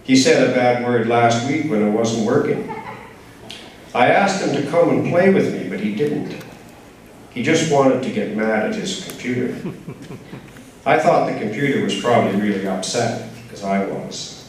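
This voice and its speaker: A man reading his own short story aloud at a writers' group, in a measured, plain storytelling manner. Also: mid-range voice. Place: writers' group reading, large echoey room. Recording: very echoey room, from far off, faint noise.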